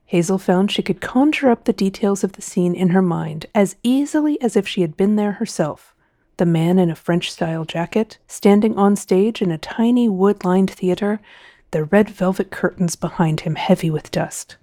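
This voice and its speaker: Mellow woman narrating a novel. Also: mid-range voice, no echo, clean studio sound. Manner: expressive, measured storytelling. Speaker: audiobook narrator. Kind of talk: scripted narration.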